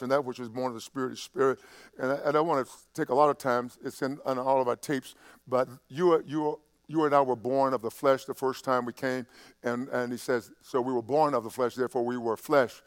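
A man preaching a sermon, halting and repeating himself in quieter stretches, building to loud, impassioned preaching. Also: mid-range voice. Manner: halting, with many restarts and fillers.

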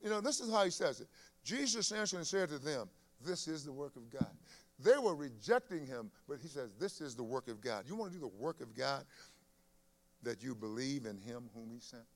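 A man preaching a sermon, animated, full of restarts and acted-out quotes. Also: mid-range voice, brisk. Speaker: pastor.

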